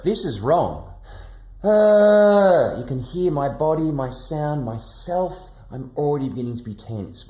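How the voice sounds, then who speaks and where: A man teaching a singing lesson, coaching calmly and gently and demonstrating relaxed sighs. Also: medium pitch, roomy sound. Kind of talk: guided vocal lesson.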